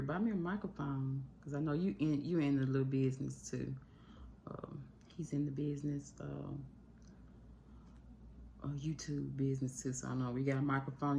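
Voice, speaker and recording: A woman's voice: rumbling low, vocal fry, darkish tone, a little hiss or hum. A woman talking earnestly into her phone at home about coping with grief, rambling and shifting her pace often. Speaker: YouTube channel host. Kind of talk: emotional talk to camera about grief. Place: at home indoors. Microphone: phone mic.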